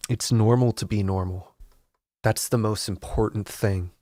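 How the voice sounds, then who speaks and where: A man's voice: lowish voice, steady tone, unhurried, dark tone, no echo. A man hosting a casual comedic art tutorial, rambling and mock-serious, swearing in frustration at his equipment.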